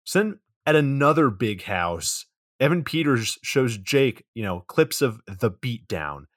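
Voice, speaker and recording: Dude recapping a movie plot, deadpan-ish, dry mic sound. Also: male voice, mid-range voice, unhurried, no echo. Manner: dry, matter-of-fact retelling with casual swearing. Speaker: podcast co-host.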